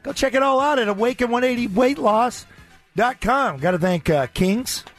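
A man co-hosts a sports talk radio show from the studio, his high voice swinging up and down with energy. He banters casually and fills gaps with long, upbeat "uh"s. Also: animated, a bit bright, soft background music. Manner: upbeat, drawn-out fillers when reading ads.

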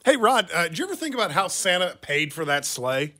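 A man's voice: high voice, very animated, a little fast, sharp tone. A man on a morning radio show reading listener jokes off the text line and chuckling at them. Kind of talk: joke-telling morning radio banter. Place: radio studio. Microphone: studio microphone.

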